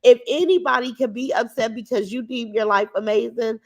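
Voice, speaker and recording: A woman's voice: a little high, fairly quick, darkish tone. A woman hosting a casual livestream from her couch at home, talking to her chat through her computer in a brash, outspoken, boastful way. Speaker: livestream host reading chat. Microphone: computer mic.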